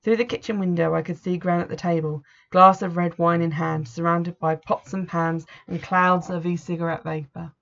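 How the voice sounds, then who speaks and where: A woman narrating a first-person story in a measured, earnest way, on a dull lo-fi recording. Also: fairly low pitch, fairly even intonation, creaky, fairly bright tone.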